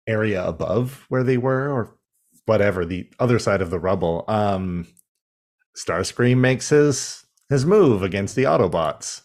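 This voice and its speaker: A young man co-hosts a casual chat with a fairly low voice. He talks loosely and swears freely, with a relaxed, off-the-cuff delivery. He sounds like he is speaking into a home webcam setup. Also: a little slow. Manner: laughing, loose, profane.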